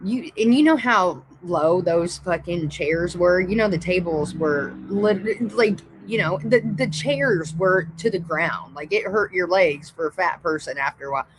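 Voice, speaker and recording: A woman's voice: fairly low pitch, unhurried, hardly any pauses, slight background noise, rough recording. Blunt, foul-mouthed woman telling a story. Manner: profane, rambling, blunt. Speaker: livestream host. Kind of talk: casual storytelling.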